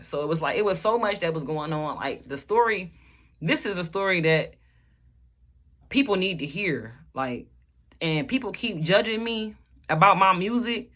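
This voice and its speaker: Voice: medium pitch, lively intonation, sharp tone. A rapper telling a personal story to the camera, emotional and rambling, filling nearly every phrase with "like" and repeating lines. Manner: repeats phrases, at times rushed.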